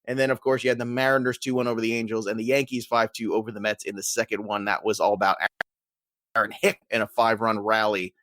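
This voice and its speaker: A man's voice: on the low side, fast talker, dry recording. Joking man on a dry podcast mic. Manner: joking, animated, laughs often. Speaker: podcast co-host. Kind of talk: casual sports podcast chat.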